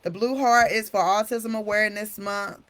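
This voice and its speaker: A woman's voice: mid-range voice, steady tone, normal speed, a bit bright. Chatty woman hosting a live stream. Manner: chatty, calls viewers honey. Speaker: host.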